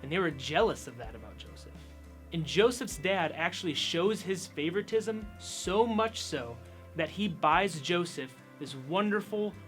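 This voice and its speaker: A man's voice: fairly high pitch, fairly bright tone. A man giving an upbeat, conversational youth sermon as pastor, telling stories along the way.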